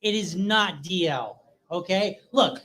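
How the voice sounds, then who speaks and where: A man's voice: high-pitched, animated, takes it slowly, bright, forceful tone, low-quality recording. A man, a local party leader, giving emphatic closing words at a rally and thanking volunteers.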